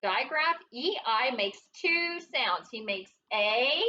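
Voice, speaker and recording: Bright high-voiced phonics teacher, slow. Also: female voice, lively intonation, recorded from a distance. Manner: patient, sing-song teacher voice, asks questions and answers them. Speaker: first grade phonics teacher. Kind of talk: classroom phonics lesson. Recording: dull roomy sound from away from the mic with faint noise.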